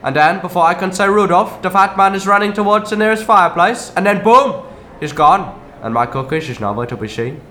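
A man plays a horned, fanged Christmas demon in a comedy sketch, a sulky character who is aggrieved, gruff and quick to lose his temper. He speaks in a high, expressive, pushed and bright voice, with slight background noise.

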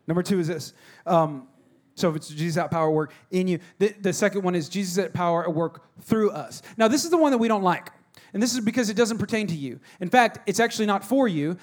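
A man, preaching a sermon and telling stories, shifting between hushed, soft moments and loud exhorting. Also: high voice. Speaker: pastor.

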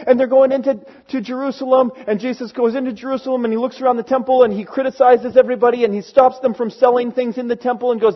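Man, preacher, storytelling sermon, animated, fairly high voice, muffled recording. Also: fast talker, hardly any pauses. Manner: animated, acting out characters, conversational.

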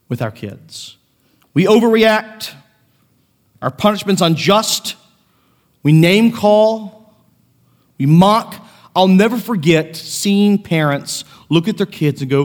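A man preaching a sermon as pastor, earnest, moving between quiet reflection and raised, impassioned passages. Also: fairly high pitch, slow pace, in a large hall. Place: church sanctuary.

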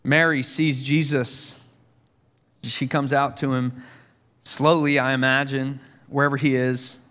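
A man's voice: medium pitch, a little slow. Earnest preacher man in a reverberant hall. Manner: earnest, with rhetorical questions, growing animated in stories. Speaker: pastor. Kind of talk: sermon.

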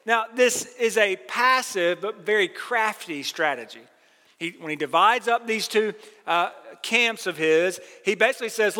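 Male pastor, high and bright-toned, earnest sermon delivery, long hall reverb. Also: animated, normal speed. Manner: earnest preaching, quoting scripture with rising emphasis.

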